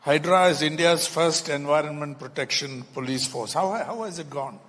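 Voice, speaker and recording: A man interviews a guest on stage with polite, measured questions. His voice sits a little high. The sound carries the long reverb of a large hall. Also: fairly bright tone.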